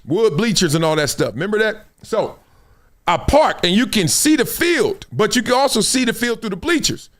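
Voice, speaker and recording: A middle-aged man with a Los Angeles accent hosting a live show, telling a casual story and acting out the scenes and quotes. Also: high voice. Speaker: show host.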